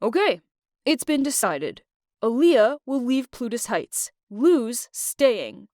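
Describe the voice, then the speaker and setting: A woman voicing a blunt, hot-headed young man in an animated story. His voice is high and lively, leaping up and down. He snaps out short, impatient lines. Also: takes it slowly, no echo, studio quality. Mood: decisive.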